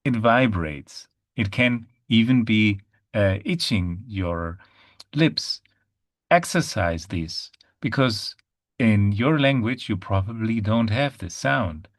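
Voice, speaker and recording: Slow low-voiced man teaching pronunciation. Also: lively intonation. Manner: patient, repeats words slowly for students to copy. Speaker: German teacher. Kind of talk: pronunciation lesson.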